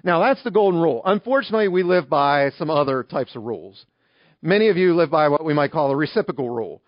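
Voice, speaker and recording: A man delivers a sermon in an easygoing, conversational style, leaning on everyday stories. His voice sits high for a man. The recording is dry and a little dull, with no room sound. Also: animated, fast, no room sound. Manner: conversational, illustrative storytelling. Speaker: pastor.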